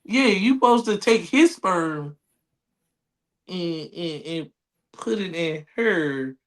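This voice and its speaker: A man's voice: high-pitched, expressive, slow, a bit bright. A man co-hosting a podcast in casual banter, slangy, with exaggerated comic outrage. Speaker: podcast co-host.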